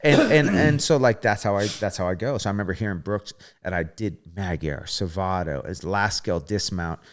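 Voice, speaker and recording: A man in his thirties, a podcast guest, telling a story in a casual, animated way, swearing often and acting out what people said. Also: sits low, moderate pace. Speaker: podcast guest, former gymnast.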